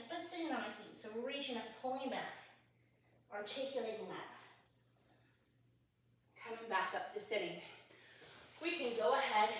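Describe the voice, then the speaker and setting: A woman teaching a pilates class while doing the moves herself, her voice a little high and her breathing audible between cues. She sounds out of breath but upbeat. The recording is very echoey, with the mic set a little away from her. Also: fairly bright tone, a little hiss or hum. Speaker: pilates instructor. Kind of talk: guided workout instruction. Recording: echoey room, distant mic.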